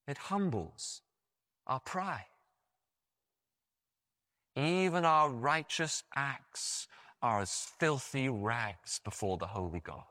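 A man preaching a sermon, telling stories in an animated way with frequent restarts and asides. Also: medium pitch, takes it slowly, long pauses, dry recording, studio quality. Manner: animated storytelling with frequent restarts and "you know".

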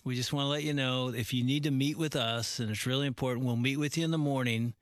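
Middle-aged man, thoughtful, conversational, mid-pitched, dry close mic. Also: fairly even intonation, fast, dry recording. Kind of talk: casual faith conversation.

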